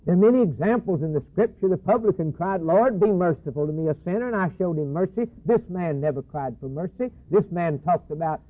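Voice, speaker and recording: A man preaching a sermon, acting out Jesus as a grave male high priest who quotes scripture. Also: expressive. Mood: solemn. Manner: grave, measured, quoting scripture. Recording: husky tinny phone-like broadcast.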